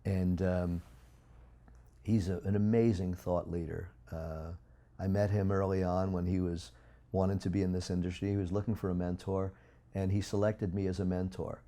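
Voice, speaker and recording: A low, gravelly man holds forth as an interview guest. His dark, mellow voice swings from loud, punchy bursts to quiet asides. He talks in an emphatic, preaching way. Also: level tone, normal speed. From United States. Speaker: guest speaker. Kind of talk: interview talk.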